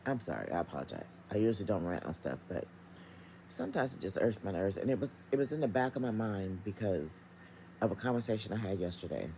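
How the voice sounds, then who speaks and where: A woman's voice: a bass voice, sing-song, fast talker, dark tone, a little hiss or hum, rough recording. A middle-aged woman vlogging from home, talking straight to her viewers in an emphatic, chatty rant. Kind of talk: casual vlog rant.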